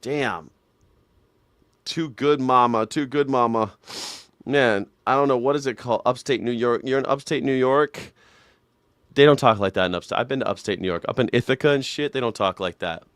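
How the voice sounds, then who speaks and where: A man's voice: medium pitch, a little fast, fairly bright tone, dry recording. Man, live show host, sarcastic ranting, profane, dry recording. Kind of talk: ranting reaction commentary.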